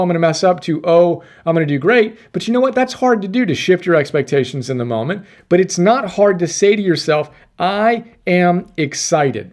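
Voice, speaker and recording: A man hosting a short self-help class, explaining ideas in an energetic, emphatic way and often checking in with "right?". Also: high-pitched. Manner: enthusiastic, emphatic, often tags statements with "right?". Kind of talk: energetic casual teaching monologue.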